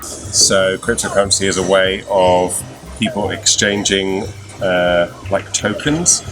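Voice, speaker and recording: A man in a street interview, explaining things in a measured way. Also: sits low. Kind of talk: vox pop answer. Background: music.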